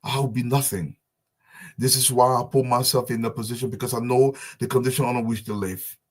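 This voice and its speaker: Man, impassioned pleading address, repetitive, soft-to-loud swings. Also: mid-range voice, steady tone, a little fast. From Liberia. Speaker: diaspora business advocate. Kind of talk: impassioned public appeal.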